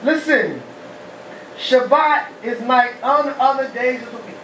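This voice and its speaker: A rabbi gives a lively call-and-response sermon, asking the congregation questions and shouting praise. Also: male voice, very high-pitched, measured pace, a little hiss or hum. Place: humid, warm house of worship. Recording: echoey hall, mic far off.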